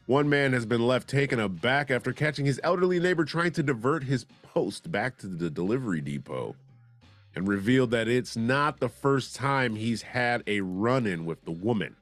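On a dry recording, a man with a mid-range voice hosts a comedy news show. He reads odd stories and breaks off for sarcastic, wisecracking asides in this joking news commentary.

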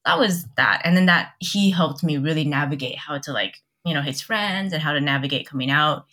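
A young woman, a podcast guest, telling her story candidly in casual chat, halting and restarting, with many quoted exchanges. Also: low voice, sharp tone.

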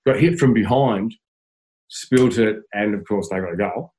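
A man's voice: fairly low pitch, a little slow, darkish tone, rough recording. An Australian man, a former footballer, telling stories in a casual interview, stumbling over restarts and laughing as he goes.

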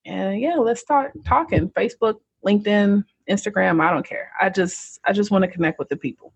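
A woman's voice: medium pitch, normal speed, hardly any pauses, breathy edge, dry recording, lo-fi sound. A young American woman, an entrepreneur, talking earnestly and reflectively as a podcast guest. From United States. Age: young adult. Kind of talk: casual interview chat.

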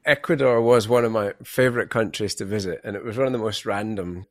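A male interview host with a low, gravelly voice tells rambling, anecdotal stories. The sound is close and dry. He speaks in a loose, casual chat style. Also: fast, dry recording. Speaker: podcast host.

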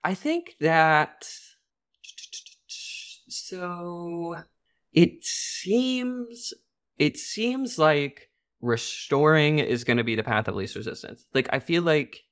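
A podcast co-host in casual chat, wry and joking, quick to agree. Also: medium pitch, lively intonation, fairly bright tone.

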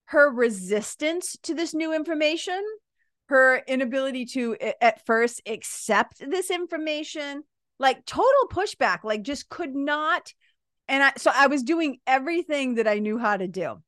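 Animated New woman telling a story. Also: sits high, normal speed, dry recording, studio quality. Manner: animated, laughing, swears freely. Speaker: podcast host. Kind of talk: casual storytelling monologue.

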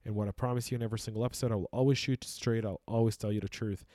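A man's voice: fairly low pitch, fairly even intonation, rapid-fire, mellow, dry recording. Chatty male podcast host, dry studio sound. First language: Arabic. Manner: conversational, emphatic, with frequent restarts. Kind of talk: casual podcast monologue.

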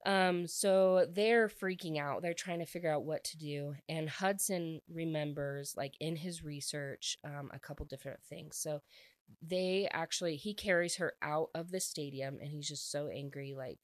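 Woman, low voice, casual rambling book recap, dry close sound. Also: normal speed, no echo. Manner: rambling, frequent "like" fillers. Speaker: book reviewer.

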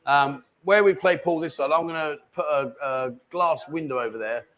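A man's voice: on the high side, moderate pace, fairly bright tone, muffled recording, a little hiss or hum. A man hosting a casual live stream from a bar, bantering and reading out viewer comments. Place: bar lounge.

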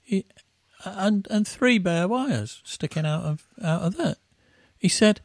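A man's voice: high-pitched, animated, slow, dry recording, clean studio sound. A middle-aged man, a musician guest, telling rambling tour anecdotes and acting out the quotes. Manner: rambling, with acted-out quotes and laughs. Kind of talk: anecdotal storytelling.

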